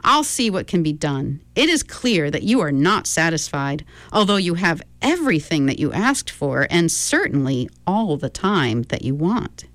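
A woman voicing a fussy little old man who calmly insists that nothing can be done. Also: low voice, normal speed, few pauses, dry recording. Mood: prim. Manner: patient, precise, politely insistent.

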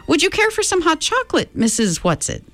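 Woman putting on a gentle hospitable mother, raised high voice, lively, storybook. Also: a little fast, no echo, exaggerated voice. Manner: polite and gentle. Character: gracious mother, calm and hospitable.

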